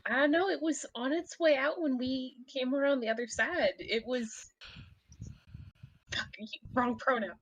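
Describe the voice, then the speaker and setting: A woman's voice: sits high, measured pace, poor audio. A woman playing a tabletop game, chatting in a hesitant, self-correcting way. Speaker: player.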